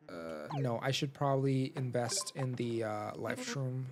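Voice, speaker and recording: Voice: medium pitch, lively intonation, a little slow, hardly any pauses. A game streamer giving live, rambling commentary, full of "like", while reading game text aloud. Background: video game music.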